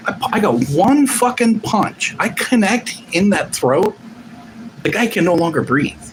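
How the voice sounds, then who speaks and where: Animated profane man rambling on stream. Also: high voice, unhurried, slight background noise, low-quality recording. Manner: rambling, profane, restarts often. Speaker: live stream host. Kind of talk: casual live-stream chat.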